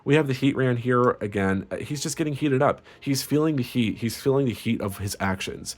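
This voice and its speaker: A man talks through a casual tarot reading at a middle pitch, crude and sarcastic. He sounds gleefully spiteful, relishing every jab as he lays out the cards. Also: brisk. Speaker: tarot reader.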